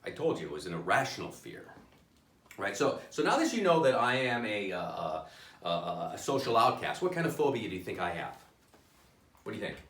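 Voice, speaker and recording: A man doing a stand-up comedy set, self-deprecating and halting, with many restarts. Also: lowish voice, big pitch swings, a bit bright, reverberant, far from the mic.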